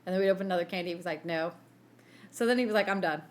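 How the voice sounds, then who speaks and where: A woman's voice: on the low side, racing. A woman co-hosting a casual chat podcast, telling stories with lots of laughter and acted-out quotes. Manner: animated storyteller, laughs often, acts out quotes. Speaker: podcast co-host.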